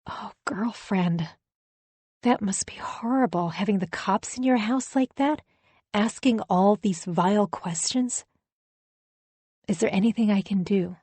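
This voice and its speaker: A woman narrator voicing a gushing, conspiratorial female best friend in an audiobook, speaking in a hushed, sympathetic way. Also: mid-range voice, a little slow, slightly rough, dry recording. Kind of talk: audiobook character voice.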